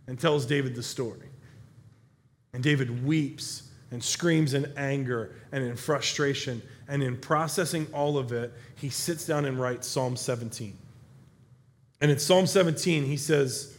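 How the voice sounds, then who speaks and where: A middle-aged man preaching a sermon, retelling a Bible story in a lively, conversational way and acting out the characters' lines. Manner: animated storyteller, acts out quoted characters with raised pitch and volume. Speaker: pastor.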